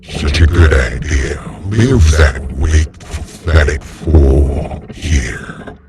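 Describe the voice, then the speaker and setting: A man voicing a tempting demon in a low whisper that is hard to make out, as whispered role-play. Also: very slow, music in the background, full character voice.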